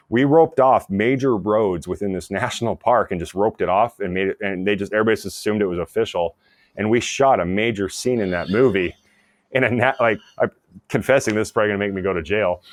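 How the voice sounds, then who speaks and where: A man with a fairly low voice tells stories in a relaxed podcast chat. He talks with animated energy, laughing often and restarting his sentences. The sound is dry and close. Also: no room sound. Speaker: actor and former soldier, podcast guest. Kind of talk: casual storytelling interview.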